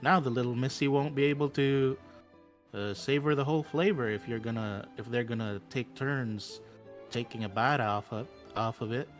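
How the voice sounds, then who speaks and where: A man's voice: medium pitch, moderate pace, faint music behind, natural voice. A man voicing a naive young country man who talks with a folksy rural drawl. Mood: sympathetic.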